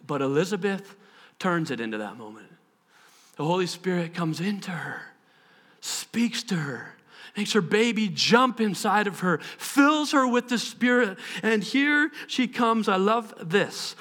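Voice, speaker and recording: A man preaching a sermon as pastor, animated and bursting into shouted voices as he acts out scenes. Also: high-pitched, unhurried.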